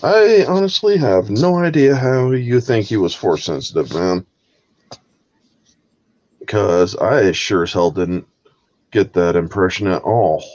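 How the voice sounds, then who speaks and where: A man's voice: fairly low pitch, animated, slow, pauses often, darkish tone, muffled recording. A man hosting a heated live movie review, ranting with constant swearing. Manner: profane, exasperated ranting. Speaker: host.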